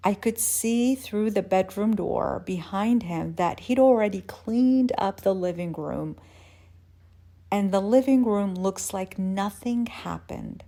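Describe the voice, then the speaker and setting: A woman telling a personal story slowly and carefully, at a middle pitch. She lifts into a higher, louder voice when she acts out her own confused and excited words. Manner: unhurried, measured narration.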